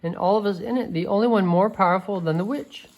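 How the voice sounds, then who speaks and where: A woman reading a storybook aloud, voicing an eager male talking beaver in a raised, lively voice. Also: medium pitch, fast, natural voice, low-quality recording. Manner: excited, eager.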